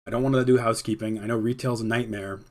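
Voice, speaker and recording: A man's voice: mid-range voice, steady tone, fast. A young man hosting a podcast, telling a long personal story in a casual, chatty way, full of "like" and little laughs. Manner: chatty, heavy use of "like", laughs between lines. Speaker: podcast host.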